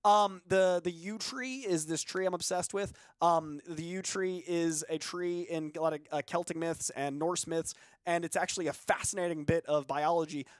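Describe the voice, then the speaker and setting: A man's voice: on the high side, steady tone, moderate pace, clear, resonant tone, no room sound. A man from Boston, co-hosting a casual livestream chat and talking in a chatty, self-deprecating way. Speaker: co-host.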